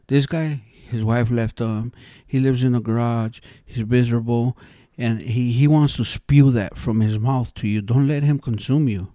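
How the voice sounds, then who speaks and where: A man talking casually and earnestly, looping back over his words and restarting his thoughts as he tells a story. His voice sits at an ordinary middle pitch. The sound is dry and close, with no room echo. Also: moderate pace, dark tone. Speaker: interviewee sharing life philosophy.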